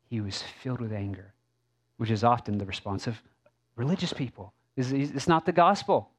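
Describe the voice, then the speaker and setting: A male pastor preaching a sermon in a conversational way, with asides and rhetorical questions. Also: medium pitch.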